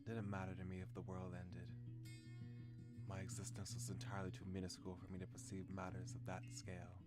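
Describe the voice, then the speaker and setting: A male streamer reading a dark visual novel aloud in a slow, soft-spoken, dramatic way, with his own commentary. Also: low-pitched, monotone. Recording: background music under voice.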